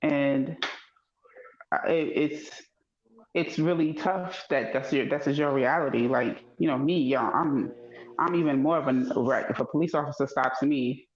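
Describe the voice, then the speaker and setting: A woman in casual chat, telling stories with animation and acting out dialogue in a higher voice. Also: unhurried. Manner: animated storytelling, acts out dialogue in high voice. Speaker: podcast co-host. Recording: dull echoey room.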